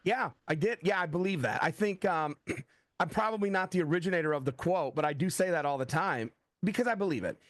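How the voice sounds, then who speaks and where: Man, middle-aged, American, animated storyteller, acts out dialogue, fairly high pitch, dry recording. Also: brisk, dry recording. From USA. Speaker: thriller author guest. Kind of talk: casual interview talk.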